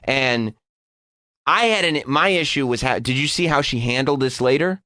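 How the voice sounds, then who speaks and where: A man in his thirties co-hosting a casual talk show, earnest and animated. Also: mid-range voice, normal speed, dry recording. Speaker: co-host.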